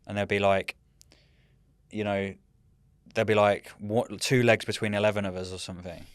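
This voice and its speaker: A man in his thirties, a military veteran guest, telling rambling, animated stories in casual chat and often saying "mate". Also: on the low side, moderate pace, clean tone, no room sound, clean studio sound. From United Kingdom.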